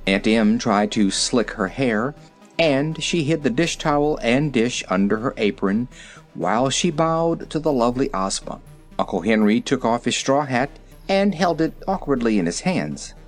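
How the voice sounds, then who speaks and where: Storybook narrator, expressive, lively pitch, mid voice, faint music. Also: moderate pace. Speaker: audiobook reader.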